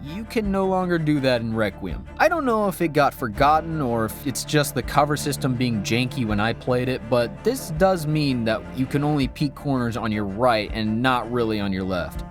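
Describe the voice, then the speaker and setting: A man narrating a scripted video game review with dry, sarcastic asides. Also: medium pitch.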